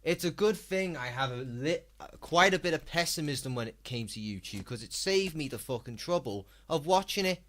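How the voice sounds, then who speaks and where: A man's voice: a little high, expressive, normal speed, hardly any pauses, fairly bright tone. A man live-streaming, reacting to a video with exasperated, sweary ranting.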